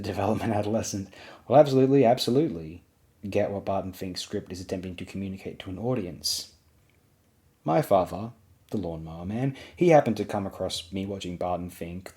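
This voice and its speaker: A man's voice: deep voice, dark tone. A young man narrating a spoken film essay, emphatic and repeating words for stress.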